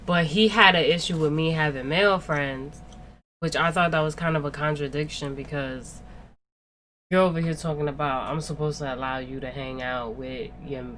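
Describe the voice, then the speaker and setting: A young woman with a low voice, telling a personal story in a loose, profane, animated way. She leans on "like" and "yo" constantly, and a faint hiss of noise sits under the recording. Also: moderate pace. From Spanish-speaking background. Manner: animated, profane venting with lots of "like" and "yo". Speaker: podcast co-host. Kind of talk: casual storytelling chat.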